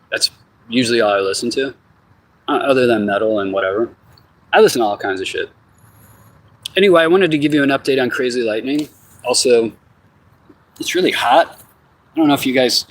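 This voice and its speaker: A man's voice: mid-range voice, fairly bright tone, husky, rough recording. A man giving a loose, slangy, profane update to his channel viewers, rambling from topic to topic. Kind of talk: casual rambling vlog. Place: outdoors on a hot evening.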